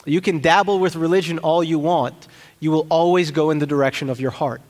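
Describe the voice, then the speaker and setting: A male pastor preaches in a high-pitched voice, loose and conversational, breaking off into asides and restarting his phrases. His voice carries a long echo from the church sanctuary. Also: fairly even intonation, brisk, darkish tone. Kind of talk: sermon.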